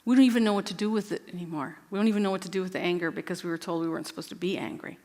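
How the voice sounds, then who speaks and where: A woman's voice: lowish voice, steady tone, rapid-fire, a little mellow, in a large hall, a little hiss or hum. A woman moderating a book discussion, speaking candidly and reflectively and asking the group many questions.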